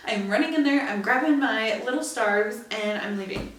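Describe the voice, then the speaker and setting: A young woman podcast host telling a story in a chatty, animated way, with emphatic asides. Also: a little high, normal speed, hardly any pauses. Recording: echoey room, distant from mic.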